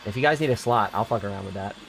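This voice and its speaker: A man with a gravelly, fry-heavy voice chats loosely while he plays, throwing in casual swears and banter with his viewers. Faint music runs underneath his talk. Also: on the low side, racing, fairly bright tone. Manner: chatty, swears casually, banters with friends and chat. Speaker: streamer. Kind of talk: casual live-stream chat while gaming.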